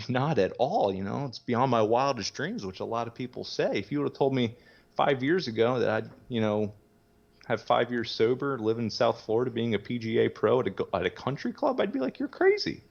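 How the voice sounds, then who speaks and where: A man's voice: medium pitch, normal speed, creaky, muffled recording. A man guest talking candidly in casual conversation, rambling with many fillers, swearing casually and laughing easily. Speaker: podcast guest sharing his recovery story.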